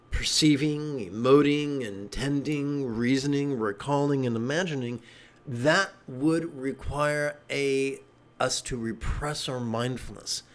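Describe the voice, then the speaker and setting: Man, meditation teacher, dharma talk, animated, joking asides, medium pitch.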